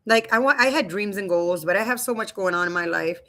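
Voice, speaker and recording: A woman's voice: medium pitch, a little fast, fairly bright tone. A woman in her thirties or forties hosting a casual live stream from home on a webcam, chatty and loose, often calling her viewers "you guys.". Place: home room.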